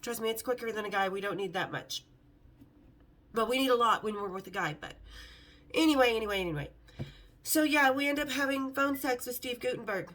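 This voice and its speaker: A woman's voice: a little high, brisk, fairly bright tone. A middle-aged woman hosting a vlog, telling brash, sarcastic stories in a casual, swearing way. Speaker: vlog host. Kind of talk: casual storytelling to camera.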